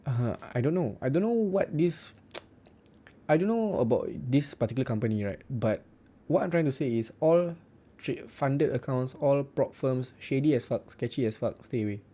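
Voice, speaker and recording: A young man with a Singaporean English accent hosts a casual livestream. His voice is mellow and dark at a middle pitch. He talks in a blunt, joking way and keeps saying "right.". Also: lively intonation, normal speed. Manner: chatty, repeats "right" often, blunt and joking. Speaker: forex trading livestream host. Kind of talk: casual livestream chat reading viewer comments.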